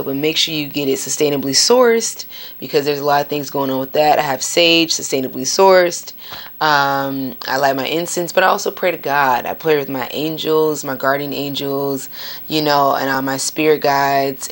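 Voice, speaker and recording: A woman hosting her podcast, talking casually and candidly, swearing freely and breaking into sudden high outbursts. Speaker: podcast host. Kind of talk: casual spiritual monologue.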